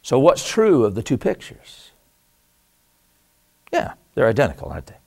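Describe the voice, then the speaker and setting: A man's voice: medium pitch, wildly swooping pitch, normal speed, gravelly, darkish tone. A man giving an emphatic, conversational lecture to an audience with slides, using asides and self-deprecating humor. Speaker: Christian apologetics lecturer.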